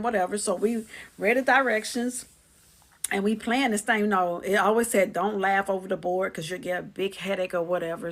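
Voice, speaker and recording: A woman vlogger tells a story straight to her viewers, chatty and full of slang. She acts out what her relatives said, and her voice carries a gravelly, creaky edge. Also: mid-range voice, a bit bright. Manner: chatty, slangy, acts out family members' lines. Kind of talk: casual storytelling to camera.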